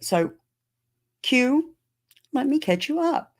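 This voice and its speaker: A woman's voice: sits high, lively intonation, slow pace. A middle-aged woman hosting a podcast, chatting casually with viewers and answering their comments with plenty of fillers. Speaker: podcast host. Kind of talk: casual live-stream chat with viewers.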